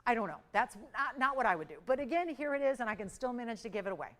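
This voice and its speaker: A chatty woman hosts a live shopping channel jewelry auction, talking straight to viewers. She jokes with the crew and swings her voice up high and loud when calling prices and countdowns. Close, clean studio sound from a lapel mic. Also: racing. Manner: chatty, animated, jokey, pitch swings up for countdowns.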